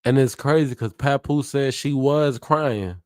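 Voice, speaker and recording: A man's voice: medium pitch, measured pace, darkish tone. A man hosting a live reaction stream, chatty and hyped, often laughing and swearing freely. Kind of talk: casual live reaction commentary.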